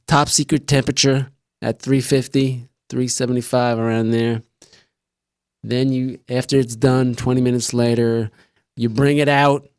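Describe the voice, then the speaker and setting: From a desk in a small room, a man hosts a casual live-stream show, rambling, joking and talking with his mouth full as he explains a recipe. His medium-pitched voice is clear and resonant, with studio-quality sound and no room noise.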